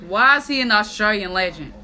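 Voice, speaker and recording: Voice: medium pitch, lively intonation, brisk, bright, forceful tone, low-quality recording. A co-host reacting to a video in casual chat, wry and questioning.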